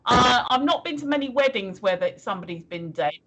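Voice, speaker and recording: A woman's voice: fairly high pitch, lively intonation, fairly quick, fairly bright tone, slight background noise. A woman co-hosting a livestream in casual chat, chatty and giggly, reading viewer messages aloud. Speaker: co-host of a livestream.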